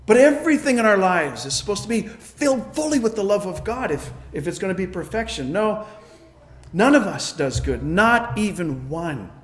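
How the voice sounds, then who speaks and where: High-voiced man preaching in an echoey room. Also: sing-song, fairly quick. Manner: emphatic, swings between loud declarations and quiet asides. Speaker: pastor. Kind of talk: sermon.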